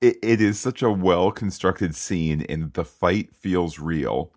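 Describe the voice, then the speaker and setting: A man co-hosting a podcast, recapping a TV episode in casual, animated chat with frequent restarts and asides. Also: low voice, takes it slowly, no room sound, studio quality. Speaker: podcast co-host.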